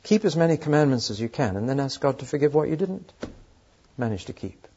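A man's voice: medium pitch, very animated, a little fast, mellow, breathy edge. An older man preaching a sermon, telling stories and asking emphatic rhetorical questions. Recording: dull lo-fi sermon recording.

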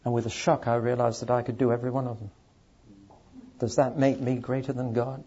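A man's voice: mid-range voice, little pitch movement, a little fast, warm tone, slightly rough, muffled recording. A man preaching a sermon to a live audience, emphatic and speaking straight to the listeners. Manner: emphatic, addresses audience directly.

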